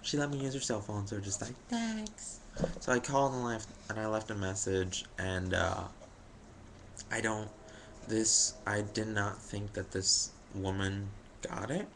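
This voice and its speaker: A man's voice: on the low side, steady tone, a little slow, creaky, background noise. A young man telling a story about his day to camera, rambling and jokey, with lots of fillers and self-deprecating asides. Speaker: vlogger.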